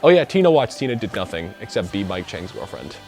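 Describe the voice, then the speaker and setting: A man's voice: fairly low pitch, sing-song, fast, a little mellow, faint music behind. A young man hosting an opinionated TV review vlog, talking in a sarcastic, ranting way. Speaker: video reviewer and host.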